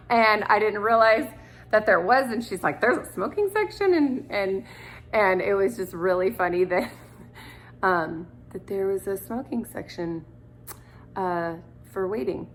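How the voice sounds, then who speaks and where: A woman in her thirties tells a personal story straight to camera. She chats loosely, with plenty of fillers and restarts, in a voice of everyday middle pitch. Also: slow pace, a little hiss or hum. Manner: chatty, rambling with many fillers. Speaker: vlogger, adoptive mother.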